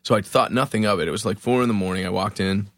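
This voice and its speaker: A man from Philadelphia, a musician guest on a podcast, telling a story in an animated, profane, self-mocking way. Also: fairly low pitch, fast talker.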